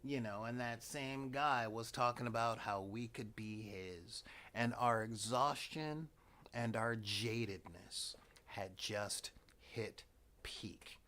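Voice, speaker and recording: Middle-aged guy rambling slow and wry, dramatic sighs, hosting his show. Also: lowish voice, pushed and bright. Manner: wry, dramatic, sighing asides. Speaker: host. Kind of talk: casual rambling monologue.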